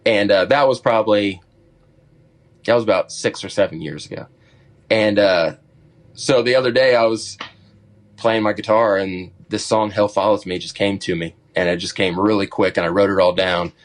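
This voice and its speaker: A middle-aged man, a podcast guest, telling a wild story in a casual, animated way and acting out what people said. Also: on the low side, moderate pace. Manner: animated storyteller, acts out his own quotes.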